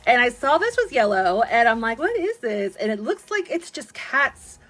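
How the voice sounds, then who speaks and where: A young woman chatting excitedly through a toy unboxing, gushing and giggling often. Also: a little high, normal speed.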